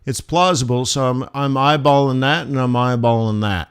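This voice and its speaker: A man teaching forex on a live stream, thinking aloud over charts with playful asides and sudden animated bursts. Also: medium pitch, moderate pace, hardly any pauses, clear, resonant tone. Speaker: forex trading instructor. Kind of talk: live trading stream commentary.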